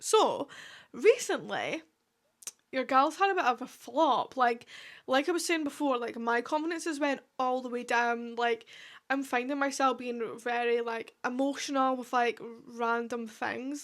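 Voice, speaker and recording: A woman's voice: a little high, a little slow. Chatty Scottish woman, rambling podcast talk. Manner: rambling, chatty, full of fillers and asides. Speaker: podcast host. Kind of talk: casual solo podcast chat.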